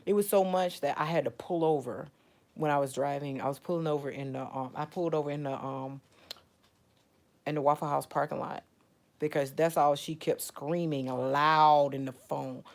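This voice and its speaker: A woman who calls herself a spiritual advisor tells stories casually to her viewers on camera, rambling, repeating herself and leaning on "you know" and "like." Her voice is low, fairly even in intonation and moderately paced.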